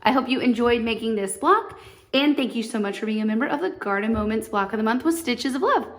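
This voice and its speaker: A woman's voice: on the high side, quick pace. A young woman demonstrating machine embroidery, chatty and bubbly, gushing over how cute each step looks. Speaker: sewing instructor. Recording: echoey room.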